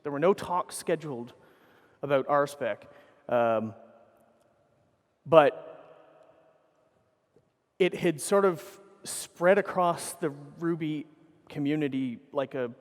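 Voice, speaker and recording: A man's voice: fairly high pitch, takes it slowly, long pauses, big-room sound. A man giving a conference keynote, telling rambling anecdotes full of swearing and self-corrections into a stage microphone. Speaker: keynote speaker.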